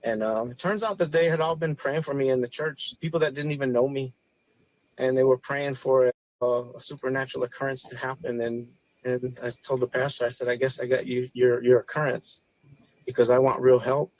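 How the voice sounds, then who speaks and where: A man in his forties, a podcast guest, telling a personal story in an earnest, halting way with frequent restarts. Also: medium pitch, fairly even intonation, darkish tone, no room sound, poor audio. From Chicago area. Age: 40s. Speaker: podcast guest, former police officer. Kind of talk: personal story, casual talk.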